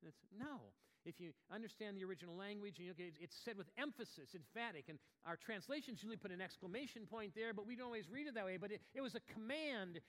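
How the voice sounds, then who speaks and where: A man preaching a sermon as pastor, talking conversationally with restarts and asides, then rising to emphatic, animated passages. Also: sits high, quick pace, few pauses, big-room sound. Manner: animated, rises to emphatic bursts.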